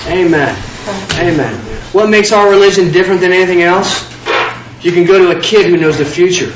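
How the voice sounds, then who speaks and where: High-pitched guy preaching hard, repeats lines to build it up, echoey room, kinda dull sound. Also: brisk, background noise. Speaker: pastor. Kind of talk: sermon.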